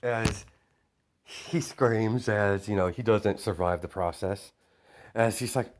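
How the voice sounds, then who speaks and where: A man's voice: lowish voice, takes it slowly. A man improvising a fan story as a storyteller, rambling with many fillers and self-corrections.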